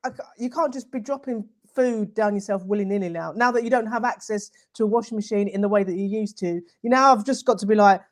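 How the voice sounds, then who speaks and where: A woman's voice: mid-range voice, quick pace, hardly any pauses. Blunt, laughing female comedian co-host. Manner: blunt, laughing, rambling restarts. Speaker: podcast co-host. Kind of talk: casual comedic chat.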